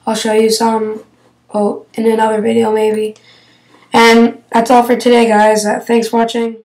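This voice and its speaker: Young girl vlogger, kinda high voice, slow and ummy, just chatting about apps. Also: completely flat delivery, darkish tone, rough recording. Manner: chatty, hesitant with fillers. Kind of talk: casual app review.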